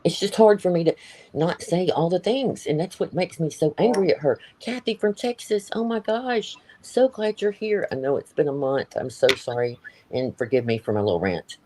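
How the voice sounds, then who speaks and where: A man's voice: on the high side, moderate pace, a little mellow, a little hiss or hum. A man hosting a livestream, talking in a heated, blunt way, swearing and repeating himself. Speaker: livestream host. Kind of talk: ranting live-stream chat.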